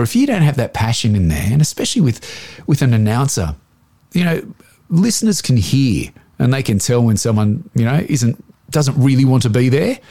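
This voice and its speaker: An Australian man in his forties, a voiceover artist, chats through his career as an interview guest. He is animated and talkative, often restarting his sentences. His voice sits at an ordinary middle pitch. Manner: chatty, animated storyteller with many restarts. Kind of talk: casual interview storytelling.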